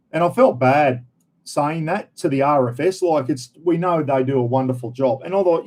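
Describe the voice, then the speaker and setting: A man's voice: medium pitch, moderate pace, a little mellow. Blunt, swearing Australian man ranting. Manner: blunt, swears often, talks straight to viewers. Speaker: livestream host. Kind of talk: casual live-stream rant.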